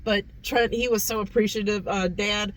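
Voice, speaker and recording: A woman's voice: medium pitch, fairly even intonation, normal speed, poor audio. A woman hosting a casual food review vlog, chatty, repeating herself and calling her viewers "guys". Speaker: food review channel host.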